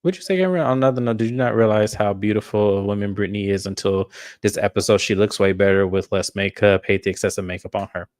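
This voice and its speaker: A man hosting a casual reality-TV recap, telling the story in an animated, profane way. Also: on the low side, fast. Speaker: podcast host.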